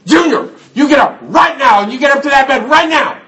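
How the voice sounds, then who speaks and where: A man's voice: low voice, fast, distant mic, lightly acted. A man voicing an exasperated mother who keeps repeating her orders to her son. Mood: yelling. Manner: repeating orders, rising to yelling.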